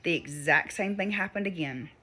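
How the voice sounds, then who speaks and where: Woman, lowish voice, chatty nervous storytelling. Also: normal speed, sharp tone, slightly rough. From Mississippi. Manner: anxious, acts out the other voices in quotes. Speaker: storyteller on social video. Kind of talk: casual storytelling.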